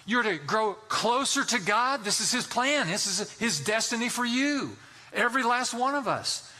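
A man's voice: extremely high pitch, animated, normal speed, bright, forceful tone. A man in his sixties preaching a sermon, telling folksy stories and urging his listeners on with emphatic exhortations. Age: 60s. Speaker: pastor.

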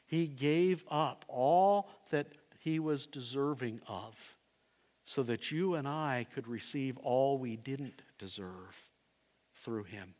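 A man preaching a sermon as pastor, swinging between loud emphasis and hushed, low phrases. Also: expressive, takes it slowly. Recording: long hall reverb.

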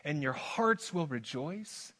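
A man preaching a sermon as pastor, moving from hushed lines to loud, urgent ones. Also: on the high side, lively intonation, slow pace. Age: adult father. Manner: dynamic preaching, swings from soft to loud.

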